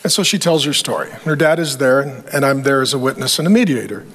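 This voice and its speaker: A man's voice: mid-range voice, expressive, fast talker, a bit bright, a little hiss or hum. A middle-aged man preaching a sermon as pastor, emphatic, with punchy repetition and touches of humor.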